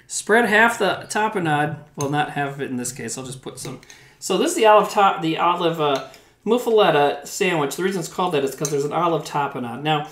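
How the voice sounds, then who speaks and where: This man has a fairly high, slightly bright voice. He's cooking in his home kitchen during a live stream, rambling, cursing occasionally, and chatting with viewers. The kitchen sounds roomy, with faint background noise.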